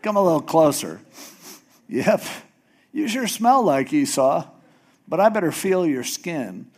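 A man's voice: on the high side, big pitch swings, unhurried, a little mellow. A man doing a suspicious old blind father.

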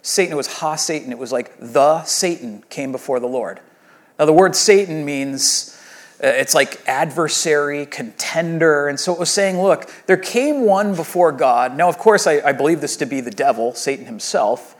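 A man's voice: a little high, moderate pace. A man preaching a sermon as pastor, speaking in a casual, conversational way and acting out the lines of the story he retells. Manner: conversational, animated retelling with voiced quotes.

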